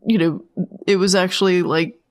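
A woman's voice: fairly low pitch, steady tone, moderate pace. A woman co-hosting a casual podcast chat, thoughtful, with many "like" fillers.

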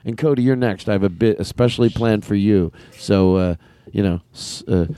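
A man's voice: on the low side, normal speed, mellow, no echo. A man hosting a comedy show, bantering playfully and laughing while he directs the band. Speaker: host.

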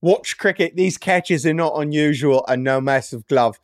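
A man's voice: on the high side, normal speed, dry recording, clean studio sound. A man co-hosting a podcast in casual chat, joking and reading listener comments aloud. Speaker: podcast co-host.

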